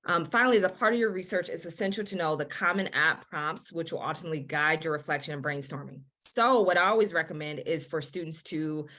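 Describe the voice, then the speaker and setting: A woman admissions counselor speaks in a lowish voice, giving earnest, encouraging guidance to students. She often restarts and repeats words as she goes. She is heard over a video-call webinar. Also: quick pace, few pauses, sharp tone. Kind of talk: webinar advice talk.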